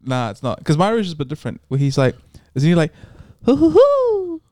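A man's voice: medium pitch, expressive, fast talker, a little mellow, dry recording, clean studio sound. A young man, a podcast co-host chatting casually, laid-back and blunt, swearing freely. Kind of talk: casual chat.

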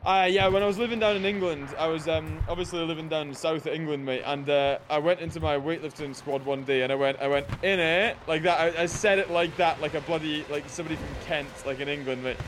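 A young Scottish man with a slightly higher-pitched voice chats loosely while playing a game on a live stream, dropping "mate" into nearly every sentence. The recording has a faint hiss of background noise underneath. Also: steady tone. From Scotland. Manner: chatty, says "mate" often, quick laughs. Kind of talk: casual gaming chat.

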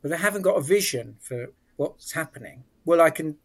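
A man's voice: on the high side, lively intonation, fairly quick. A man with a British accent, a guest on a podcast, explaining his work in a thoughtful way with frequent restarts. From England. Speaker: psychic medium guest. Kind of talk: casual interview chat.

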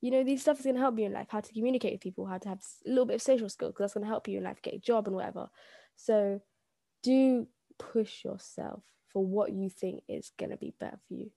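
A woman's voice: mid-range voice, fast, creaky, dark tone, no room sound. A young woman co-hosting a casual chat, rambling and giggly as she shares homemade quotes. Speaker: podcast co-host.

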